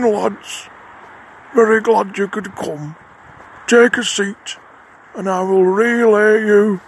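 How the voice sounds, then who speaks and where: A gruff lodge head with a broad Lancashire accent, put on by a man in a comedy. He talks in a high, unhurried voice, blunt and matter-of-fact, dropping swears without a second thought. The delivery stays deadpan throughout. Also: exaggerated voice. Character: gruff middle-aged northern Masonic lodge head.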